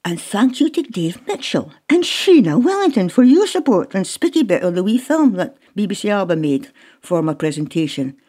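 A woman with a North-East Scots accent hosts a radio chat and gushes over her guests. Her pitch swoops up and down in lively, animated turns. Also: moderate pace. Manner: warm, effusive. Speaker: radio host. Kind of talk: casual chat.

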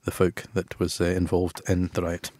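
A Scottish man chatting casually on a radio show, halting and restarting as he tells local lore in Scots words. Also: low voice, monotone, darkish tone.

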